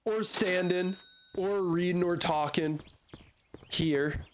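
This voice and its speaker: A man's voice: sits high, takes it slowly, slight background noise, rough recording. A young man streaming a game, rambling and joking with casual swearing. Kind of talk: casual gaming commentary.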